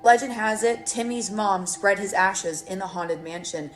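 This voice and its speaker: A woman's voice: medium pitch, measured pace. A woman narrating a short video in a chatty, matter-of-fact way. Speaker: social media narrator. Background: background music.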